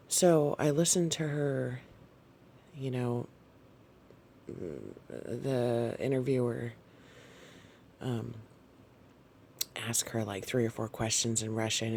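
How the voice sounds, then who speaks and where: Slow, gravelly-voiced man recounting a dream. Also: medium pitch, a little hiss or hum. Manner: halting, soft-spoken, frequent fillers and apologies. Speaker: channel host sharing a dream. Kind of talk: casual spoken dream recounting.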